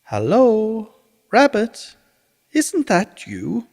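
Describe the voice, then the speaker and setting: A man voicing a gentle, simple-minded male teddy bear in a bedtime storybook reading, high and slow and wondering. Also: wildly swooping pitch, heavily acted. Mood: puzzled.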